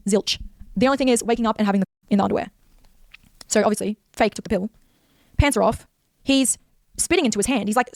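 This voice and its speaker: A woman's voice: a little high, no room sound. A young woman giving an intense, emotional personal account with heavy swearing. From Australia. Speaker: creator telling her story in a clip.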